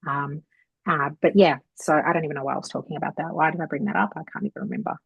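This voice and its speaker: Husky low-voiced woman telling a story. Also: rapid-fire, dry recording, highs cut off. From Australia. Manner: chatty, rambling, animated retelling with acted quotes. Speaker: psychic medium guest. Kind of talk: casual storytelling chat.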